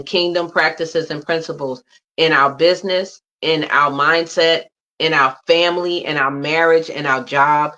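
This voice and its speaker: A woman's voice: deep voice, sharp tone, dull audio. A woman from the USA, a guest mentor giving faith-based motivational advice in a preachy way that builds through repeated lists.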